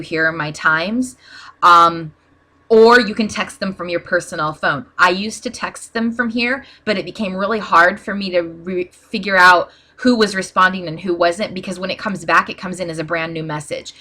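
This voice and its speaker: A woman calmly walking through a screen-share tutorial in a plain, practical way, with frequent "um" fillers. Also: fairly low pitch. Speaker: small business owner teaching ad posting.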